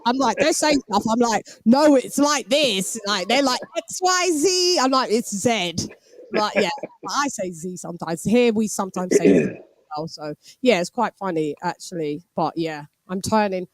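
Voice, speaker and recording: Hosting a boxing show on a live stream, this British woman in her forties speaks at a moderate pace with an animated, medium-pitched voice. She laughs and chats casually while reading viewers' messages, with no room sound in the recording.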